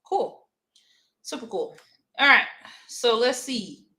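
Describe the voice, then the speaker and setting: A woman from Louisiana hosting a casual morning live stream, chatty and warm with viewers, greeting them by name and laughing often. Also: fairly high pitch, animated, slow.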